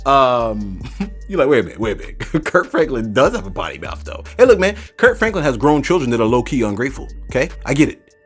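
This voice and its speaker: This man hosts a commentary channel, speaking casually with repeated words and a habit of tacking "man" onto his lines. His mid-range voice is sing-song and brisk, with faint music in the background.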